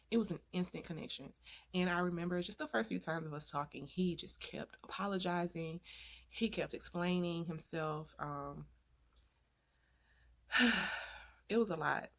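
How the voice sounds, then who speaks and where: A woman vlogger telling a heartfelt personal story in an earnest way, repeating phrases for emphasis and turning to faith-filled encouragement. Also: fairly low pitch.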